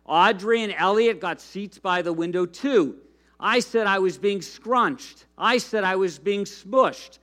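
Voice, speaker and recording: A man's voice: sits high, measured pace, fairly bright tone. A man reading a storybook aloud in the voice of a whiny, grumpy little boy who feels sorry for himself. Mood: aggrieved.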